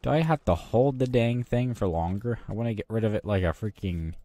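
A man with a very low voice talks his way through a video game in a casual, rambling way. He mutters half to himself and drops dry, self-mocking jokes along the way. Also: animated, brisk, warm tone, no room sound. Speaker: gaming channel host. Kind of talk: casual gameplay commentary.

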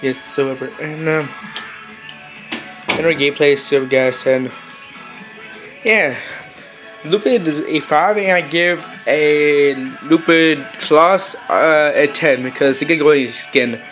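Slow-talking young man rambling. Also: fairly high pitch, soft background music. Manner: rambling and halting, with many fillers and broken sentences; soft, coaxing talk to pets. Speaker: vlogger. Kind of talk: casual chat to camera with his cats.

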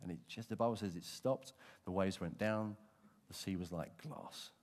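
A man preaching a sermon as pastor, telling stories with animation and dropping to a hush for emphasis. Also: low voice, moderate pace, in a large hall. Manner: animated storytelling, acting out voices, dropping to hushed emphasis.

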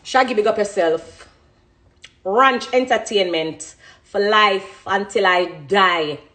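A woman's voice: mid-range voice, slow, a bit bright. A woman in her thirties with a Jamaican accent speaking passionately and emphatically about her career, full of thanks. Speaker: dancehall artist. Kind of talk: emotional spontaneous speech.

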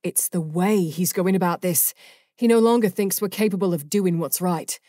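A woman's voice: lowish voice, moderate pace, mellow, no echo, studio quality, close to an everyday voice. A woman voicing Ajax, a cocky young male fallen angel in an audiobook, with a smug, taunting manner. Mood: defiant.

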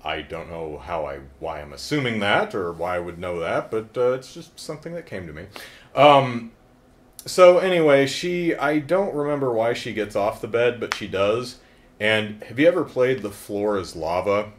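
A man's voice: medium pitch, sing-song, unhurried, long pauses. A man giving a casual, comedic review of a horror movie, wry and joking, with rambling asides.

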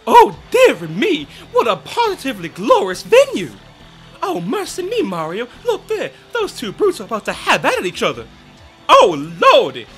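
A man's voice: very high voice, huge pitch swings, moderate pace, fairly bright tone, soft background music, pitched above the performer's own voice, full character voice. A man voicing a prim, theatrical female wind spirit who gushes in genteel old-fashioned exclamations while playing a video game. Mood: gushing. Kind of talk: let's play character reading.

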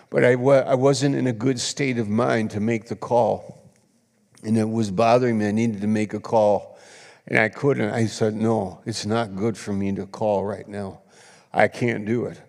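A man preaching a sermon as pastor, swinging between emphatic bursts and soft, confiding drops. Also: medium pitch, vocal fry. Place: church sanctuary. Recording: long church hall reverb.

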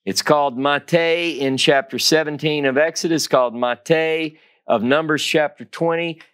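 A man's voice: a little high, steady tone, normal speed, fairly bright tone, clear, resonant tone. A man giving a Torah teaching, reading scripture dramatically and stressing key phrases by repeating them. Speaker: Bible teacher.

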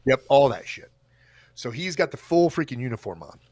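A man coaching on a livestream, telling a story in a casual, animated and profane way. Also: medium pitch, moderate pace, husky, dry recording.

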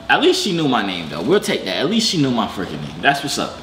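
Teasing man with a lively voice. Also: mid-range voice, fast talker, reverberant, slight background noise, rough recording. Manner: joking, teasing, talks to himself. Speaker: vlogger on a video chat app. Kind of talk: casual video chat commentary.

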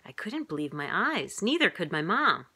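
A middle-aged woman reading a picture book aloud to young children in a lively way, jumping up in pitch for the characters' lines. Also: moderate pace, breathy edge. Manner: lively, voices characters with big pitch jumps.

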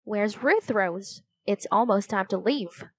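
A woman's voice: mid-range voice, slow pace, no room sound. A woman reading the part of a teasing, hungry young boy in a storybook, with a lazy, joking delivery.

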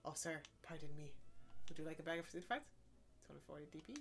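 A woman's voice: little pitch movement, quick pace, vocal fry, a bit bright, slight background noise. A woman voicing polite club staff in a game. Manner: dropped low, then giggly. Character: chirpy young female club staff, giggly. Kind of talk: reading game dialogue aloud.

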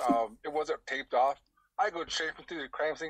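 A man, a ranger, answering casually as a podcast guest, relaxed and laughing through his stories. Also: fairly high pitch, moderate pace, breathy edge, dry recording, rough recording.

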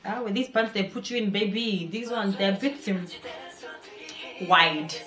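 A woman hosting a reaction video, chatting excitedly and repeating words in quick bursts. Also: mid-range voice. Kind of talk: casual reaction commentary. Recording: echoey room with music behind. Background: music video playing.

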